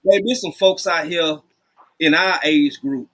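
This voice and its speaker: A man in his fifties with a slightly higher pitch, talking bluntly and plainly. He swears freely and doesn't soften his opinions. He comes through a video call microphone. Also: moderate pace. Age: 50s. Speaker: livestream guest. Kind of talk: candid conversation. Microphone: video call mic.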